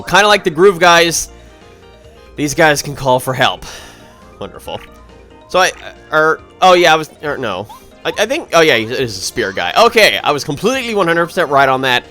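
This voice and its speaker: A man talks over his video game run in a loose, rambling way, full of dry sarcasm and mid-sentence self-corrections. His pitch swoops up and down a lot as he reacts. Game music plays faintly underneath. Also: bright, forceful tone. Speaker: let's play commentator. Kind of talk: casual gameplay commentary.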